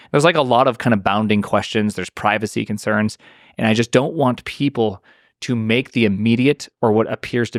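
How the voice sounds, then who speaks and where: Gravelly, rambling man in casual talk. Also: fairly low pitch, no room sound, studio quality. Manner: rambling, animated, many restarts and fillers. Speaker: podcast guest, programmer. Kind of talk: casual conversation.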